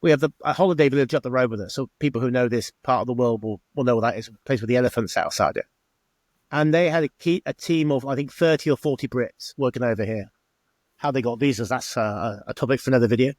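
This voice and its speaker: A middle-aged man from England who formerly ran a bar speaks fast in a mid-range, slightly mellow voice. Chatty in this interview, he tells stories and acts out the exchanges he quotes. The recording is dry.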